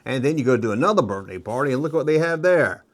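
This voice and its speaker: A middle-aged man hosting a nostalgia toy video, rambling casually and joking, slipping into quick kid impressions. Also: medium pitch, animated. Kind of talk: casual rambling show-and-tell commentary.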